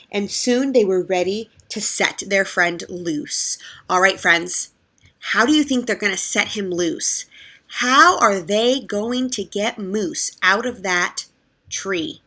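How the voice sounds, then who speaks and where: A woman's voice: medium pitch, bright, forceful tone. A woman teacher reading a picture book aloud to children and asking them questions as she goes. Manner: asks the children questions directly. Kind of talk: children's read-aloud lesson.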